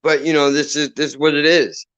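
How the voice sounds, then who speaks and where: A man chatting casually at home as channel host, loose and profane, getting loud when excited. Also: on the high side, fairly quick, clean tone, poor audio.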